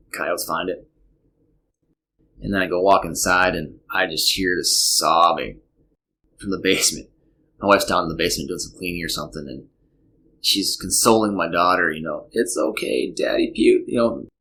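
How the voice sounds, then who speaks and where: A man's voice: low voice, gravelly, a bit bright. A man in his thirties, a podcast host telling a casual story in a rambling way, full of "you know" asides.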